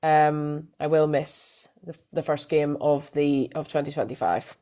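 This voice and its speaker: A woman's voice: low-pitched, fairly even intonation, a little slow, dark tone. A woman co-hosting a casual women's football podcast, chatting with plenty of fillers and restarts. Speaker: podcast co-host.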